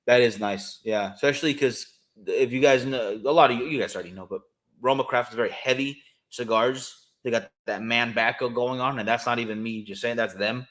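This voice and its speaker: A man's voice: medium pitch, a little fast, a bit bright. Casual podcast co-host, man, talks loosely and keeps going, lots of "um"s, easygoing and eager. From California. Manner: rambling, enthusiastic, many fillers. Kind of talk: casual chat.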